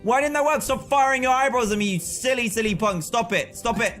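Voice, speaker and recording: A man streaming live gameplay with excitable, frustrated commentary, often yelling at the game. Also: extremely high pitch, fairly quick, few pauses, faint music behind.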